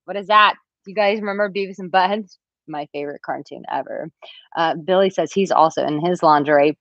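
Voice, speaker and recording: A woman in her thirties, a dating and relationship coach, chatting on a live-stream Q&A and reading out viewer comments. She talks animatedly and acts out quotes in a high, squeaky voice. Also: brisk, no echo, dull audio. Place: villa room, at home.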